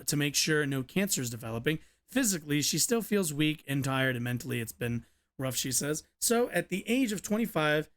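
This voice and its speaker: A man's voice: on the high side, a bit bright. A young man streaming, reading a news article aloud with stumbles, mutters and offhand asides. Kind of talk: casual reaction stream.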